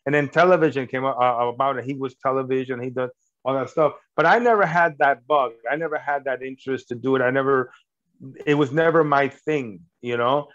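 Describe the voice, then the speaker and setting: A man's voice: mid-range voice, a bit bright. A middle-aged man, a filmmaker and actor, talking in a casual interview, earnest and rambling with many fillers and restarts. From United States. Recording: dull lo-fi audio.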